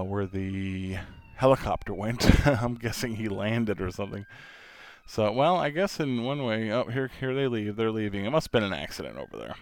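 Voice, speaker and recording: Brief: chatty New York-born man, low but animated, dry close mic. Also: no room sound. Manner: rambling and chatty, laughs often. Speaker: podcast host, father. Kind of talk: casual solo podcast monologue.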